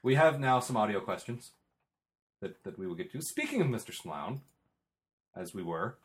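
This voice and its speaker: Low-voiced man hosting a podcast. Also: sing-song, moderate pace, slightly rough. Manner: rambling, stumbling over words. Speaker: podcast host. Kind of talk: casual chat, reading listener mail.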